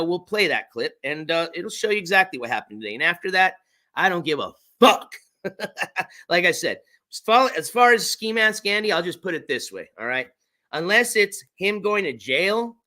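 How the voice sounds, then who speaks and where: A man's voice: on the high side, sharp tone. A man hosting a casual livestream chat, laid-back and rambling, swearing now and then. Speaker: streamer.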